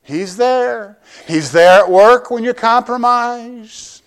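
A man's voice: very high voice, slow, clean tone. An older man preaching a sermon to his church, conversational and joking, often asking the congregation direct questions. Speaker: pastor.

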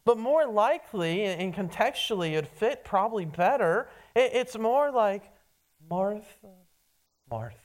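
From the pulpit, a preacher gives a casual, conversational sermon in a middle-pitched voice, calling the congregation "friend." His intonation is lively and his pace measured with few pauses, though he often stumbles, doubling words and restarting as his thoughts come.

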